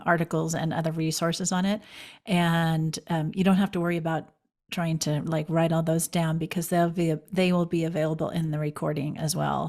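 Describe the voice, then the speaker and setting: Gravelly-voiced woman moderating a webinar. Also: deep voice, darkish tone. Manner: friendly, loose, with fillers and "right?". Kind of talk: moderating an online talk.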